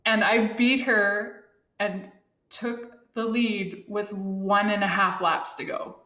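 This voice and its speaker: A middle-aged woman, a former Olympic athlete, telling animated stories in a casual podcast interview, laughing often. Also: mid-range voice, slow pace, echoey room.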